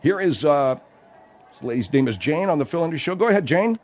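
A man's voice: fairly high pitch, expressive, brisk, a little mellow. A man hosting a radio talk show, rambling loosely through plugs and announcements with lots of fillers. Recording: dull lo-fi radio sound.

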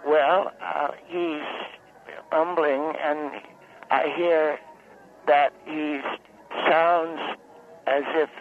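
A man voicing a confused older woman caller who is lost at a carnival, halting and hesitant as she stumbles over her own spelling. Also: on the high side. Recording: phone-like call line.

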